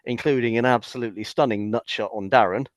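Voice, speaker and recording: A man's voice: medium pitch, fast, dry recording. A man from England, a guest on a casual chat, talking eagerly in a storytelling way. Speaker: podcast guest.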